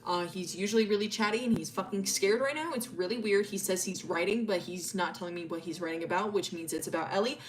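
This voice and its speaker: A woman's voice: mid-range voice, fast, few pauses. A young woman streamer casually retelling a story, rambling, swearing and full of fillers.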